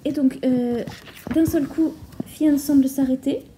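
A woman's voice: high voice, fairly even intonation, unhurried, warm tone, a little hiss or hum, rough recording. A woman teacher reading a story aloud and explaining it to learners, switching between two languages. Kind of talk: bilingual story reading lesson.

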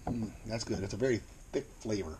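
A man with a Mid-Atlantic American accent talks through a beer tasting in a relaxed home-video way. His voice sits low, and he often repeats a word while he looks for the next one. A faint hum of ambience stays under the recording. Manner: plain-spoken, unhurried, repeats words while searching for them. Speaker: beer reviewer. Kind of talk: casual video review.

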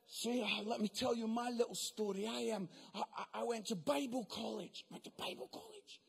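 A male preacher, giving an excitable sermon in a church venue that builds into emphatic shouting. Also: very high voice, fairly quick, vocal fry, few pauses, breathy edge. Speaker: guest preacher.

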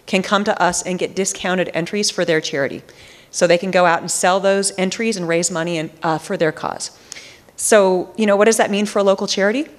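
A woman who organizes a charity race speaks at a town hall. She talks fast in a slightly low voice, informal and full of fillers.

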